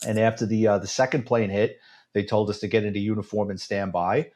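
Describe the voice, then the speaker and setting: A man's voice: lowish voice, a little fast. A man in his fifties with a New York accent, a retired police detective telling stories in a casual interview with a sarcastic edge. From United States. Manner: sarcastic, animated storyteller.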